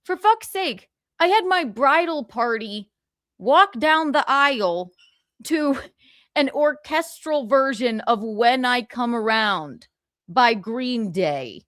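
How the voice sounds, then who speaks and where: A brash, profane woman hosts a casual livestream and reads her viewers' comments aloud, giggling often. Her voice sits a little high, and the close mic keeps the sound dry with no room echo. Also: expressive, takes it slowly, fairly bright tone. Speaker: livestream host.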